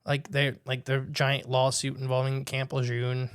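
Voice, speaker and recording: A man's voice: medium pitch, moderate pace, smooth, no room sound, studio quality. A young man hosting a casual podcast, telling stories with animation and reading listener accounts aloud. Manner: animated storyteller, laughs while telling. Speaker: podcast host.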